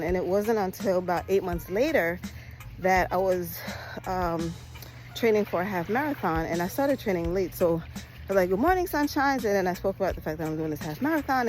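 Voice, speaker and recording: A woman from Jamaica vlogging casually on a beach at sunrise, talking fast and chatty with laughs, recorded on a phone at arm's length. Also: fairly low pitch, darkish tone, low-quality recording. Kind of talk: casual walking vlog.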